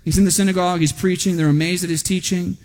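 A man with a high voice preaching a sermon in a church sanctuary, with a long reverb trailing his words. He talks conversationally and keeps checking in with the congregation. His voice lifts with animation when he reads quoted lines aloud. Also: level tone, fast, darkish tone. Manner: conversational, often asking the crowd "right?". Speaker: pastor. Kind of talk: expository sermon. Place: church sanctuary during a service.

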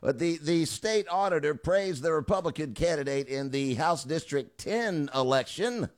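A man's voice: a little high, animated, moderate pace. A middle-aged man hosting a talk radio show, delivering a chatty monologue with joking asides.

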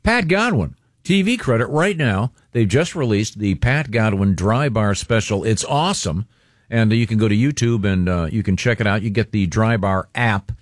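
A man's voice: fairly low pitch, lively intonation, normal speed, dry recording, clean studio sound. Teasing male show host. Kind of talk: casual chat.

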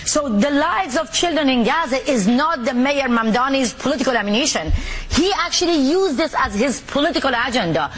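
A woman from the Middle East, an activist speaking forcefully and with indignation in an interview. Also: high-pitched, lively intonation, fairly quick, hardly any pauses, slight background noise. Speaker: activist guest.

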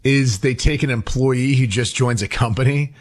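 A man's voice: medium pitch, normal speed. A man co-hosting a sports radio show, easygoing and laughing as he tells stories at a studio mic. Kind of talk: casual sports radio chat. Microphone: studio microphone.

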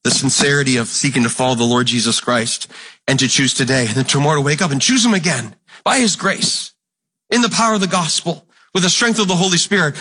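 High, bright-voiced man preaching earnestly. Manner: earnest, impassioned preaching with repeated phrases; acts out Bible exchanges in a raised, higher voice. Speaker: pastor. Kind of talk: sermon.

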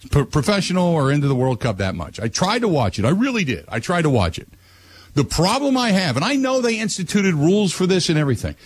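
Radio talk host, male, husky, lively pitch, opinionated rant. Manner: animated ranting, voice climbing high when worked up.

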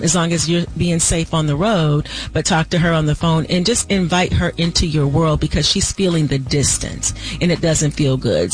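A woman relationship expert guesting on a call-in radio show, giving callers measured, reassuring advice. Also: low voice, poor audio.

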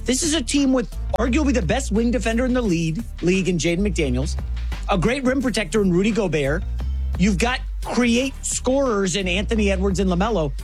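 Chatty sports co-host with a lively voice. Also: male voice, high voice, a little fast, soft background music. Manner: chatty, conversational. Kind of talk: conversational sports talk.

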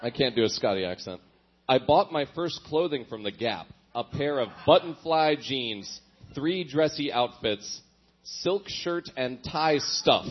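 A man's voice: medium pitch, expressive, a little slow, slightly rough, highs cut off. Wry man reading an old diary. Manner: wry, self-mocking, chuckling asides. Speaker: comedian reading his old diary aloud. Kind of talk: comic reading with asides.

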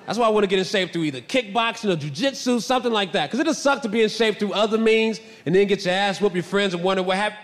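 A man doing a stand-up comedy set on stage, animated and breaking into loud shouted bits. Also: high voice, fast, few pauses. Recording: reverberant hall with faint ambience.

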